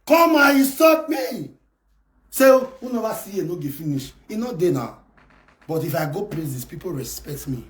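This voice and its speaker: A man with a Nigerian accent ranting on a live stream, shouting, scolding and taunting. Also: a little high, very animated, moderate pace. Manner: shouting, scolding and taunting in Pidgin-laced English. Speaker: live video host. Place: abroad in France.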